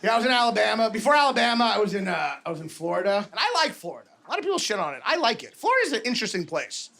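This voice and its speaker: A man doing a stand-up comedy set on stage, telling stories with punchy, exaggerated asides, recorded live with loud audience laughter. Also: high-pitched, sing-song, very fast, gravelly.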